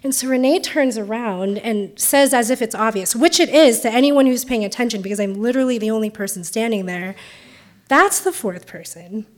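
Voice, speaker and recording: A woman's voice: on the high side, a little fast, hardly any pauses, darkish tone. A woman in her late twenties with a Californian accent, telling a personal story in a conversational way with frequent ums. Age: 20s.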